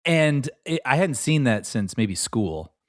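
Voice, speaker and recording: A man co-hosting a movie podcast in casual chat, agreeable and quick to laugh. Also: mid-range voice, no echo, studio quality. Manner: expressive, laughs easily, agreeable. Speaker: podcast co-host.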